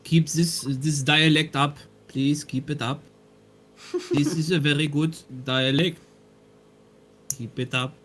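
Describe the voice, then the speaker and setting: A man's voice: fairly high pitch, steady tone, slow pace, pauses often, a bit bright, a little hiss or hum. A man whose first language is German, teasing and laughing often in casual chat as a tabletop game player on a home mic.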